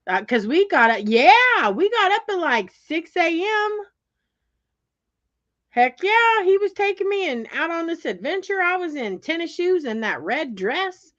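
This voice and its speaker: A woman telling a story in casual chat, animated and exasperated, with lots of fillers and restarts. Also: very high voice, measured pace. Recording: dull lo-fi sound.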